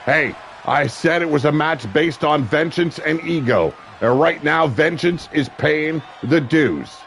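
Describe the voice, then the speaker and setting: A man calling a wrestling match play-by-play, brash and crude, with sudden shouted bursts of excitement. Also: on the high side, a little slow, slight background noise. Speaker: wrestling commentator. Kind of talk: play-by-play commentary. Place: seated at a ringside commentary table.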